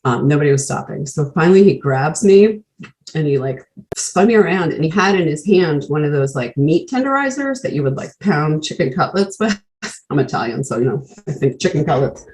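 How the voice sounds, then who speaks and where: A woman's voice: sits low, expressive, brisk, darkish tone, rough recording. A woman candidly telling her own recovery story over a video call, blunt and profane, full of "like" fillers. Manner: blunt, swears freely, leans on "like" fillers.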